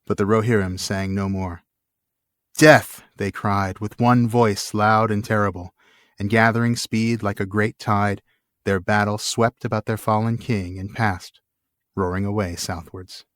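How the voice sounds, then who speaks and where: Low-voiced man reading and chatting. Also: fairly even intonation, a little slow, no room sound, studio quality. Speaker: podcast co-host. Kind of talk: reading a book passage aloud and casual chat.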